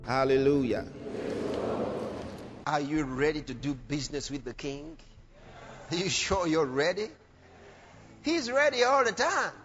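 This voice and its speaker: A man preaching a sermon in an animated way, breaking into shouts and laughter. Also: a little high, a little slow, pauses often. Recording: dull lo-fi sermon recording with faint music.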